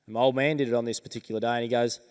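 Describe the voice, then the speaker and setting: An Australian man telling a personal story on stage as a motivational speaker, earnest and measured, with dramatic pauses. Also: medium pitch, fairly even intonation, darkish tone, smooth. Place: large event hall stage. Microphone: stage microphone. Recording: reverberant event hall.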